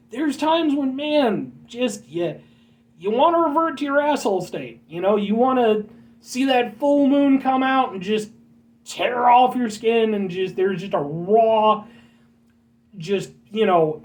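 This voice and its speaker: A man's voice: sits high, darkish tone, recorded from a distance, low-quality recording. An American man hosting a casual vlog, rambling and joking as he talks to his viewers as folks. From United States. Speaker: vlog host.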